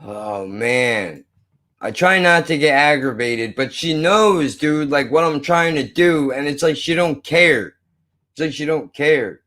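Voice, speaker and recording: A man rants live to his stream, his voice pitched a touch high. He mutters and swears in exasperation, half to himself and half to the chat. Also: lively intonation, a little slow, a bit bright. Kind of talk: frustrated off-the-cuff rant.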